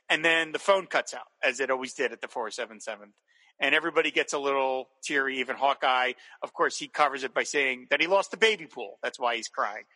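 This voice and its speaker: A man's voice: medium pitch, sharp tone, in a large hall. A man co-hosting a podcast, chatting casually and enthusiastically about a TV episode, with rambling restarts. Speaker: podcast co-host. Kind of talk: casual chat recapping a TV episode.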